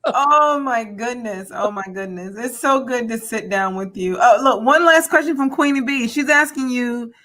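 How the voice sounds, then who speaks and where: A woman's voice: on the high side, normal speed, a bit bright. A woman hosting a live-stream interview, effusive, repeating her phrases with many fillers. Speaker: host.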